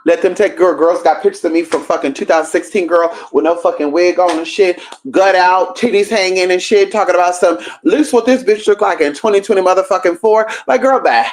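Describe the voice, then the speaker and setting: A woman's voice: fairly low pitch, brisk, hardly any pauses. Sassy woman gossiping on a livestream. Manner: sassy, profane, animated gossip. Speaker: livestream host. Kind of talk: casual livestream storytelling.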